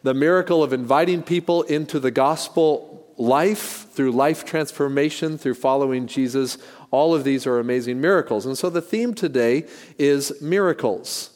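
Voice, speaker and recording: Pastor preaching in a reverberant hall. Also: male voice, mid-range voice, moderate pace, a little mellow. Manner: folksy, joking storytelling with frequent restarts. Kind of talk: sermon.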